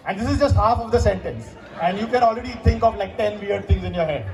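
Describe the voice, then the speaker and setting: A man with an Indian English accent performing animated stand-up comedy at a university event, slipping into put-on voices for his bits. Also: high voice, quick pace, hardly any pauses, poor audio. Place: university event before a live crowd. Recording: live crowd laughing in the background.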